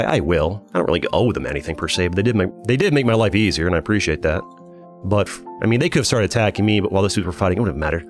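A man with a fairly low voice talks through a strategy match as he plays. He thinks aloud, with frequent ums and restarts. Faint music plays under him. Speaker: gaming channel host. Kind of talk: casual gameplay commentary.

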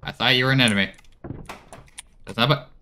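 A man's voice: mid-range voice, brisk, bright, forceful tone, a little hiss or hum. A man giving chatty commentary while playing a horror game, talking back to the characters on screen. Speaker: gaming streamer.

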